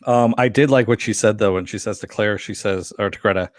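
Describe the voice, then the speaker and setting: A low-voiced man in casual podcast talk, laughing easily and swearing offhandedly. The sound is dry and close, with no room echo. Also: fairly quick. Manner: laughs often, reads out viewer comments, swears casually. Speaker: podcast co-host. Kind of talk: casual chat reviewing a TV episode.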